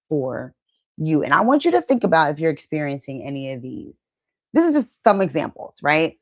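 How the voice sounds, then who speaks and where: Emphatic woman coaching to camera. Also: low-pitched. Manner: emphatic, uses "right?" often; acts out quoted inner voices. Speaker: wellness coach and channel host. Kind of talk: motivational talk to camera.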